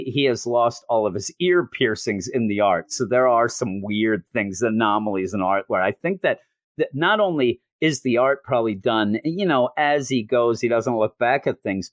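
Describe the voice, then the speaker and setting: A man's voice: medium pitch, lively intonation, moderate pace, dry recording. A man hosting a comic review show, recapping an issue with wry, rambling asides. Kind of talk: casual comic book recap.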